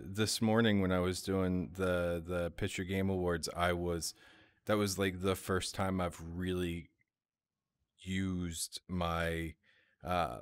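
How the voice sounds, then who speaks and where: A man's voice: sits low, dry recording. A man hosting a casual livestream chat, jokey and rambling, with many restarts. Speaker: host.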